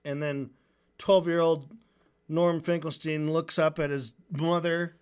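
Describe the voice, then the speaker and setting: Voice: medium pitch, level tone, slow, a little mellow, clear, resonant tone. A streamer reviewing a debate in a casual, sarcastic, rambling way, often restarting mid-sentence.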